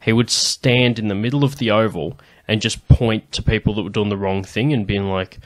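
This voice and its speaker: A man's voice: lowish voice, steady tone, moderate pace, dry recording. A young man hosting a comedy podcast, telling school stories in a loose, casual way with plenty of swearing. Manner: swearing, loose, laid-back storytelling. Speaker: podcast host. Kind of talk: casual chat.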